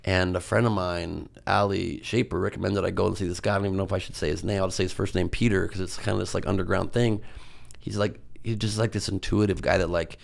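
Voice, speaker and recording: A man's voice: low-pitched, little pitch movement, quick pace, vocal fry. A man, a comedian guest on a podcast, telling stories in a rambling, self-mocking way with lots of fillers. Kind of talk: casual podcast storytelling.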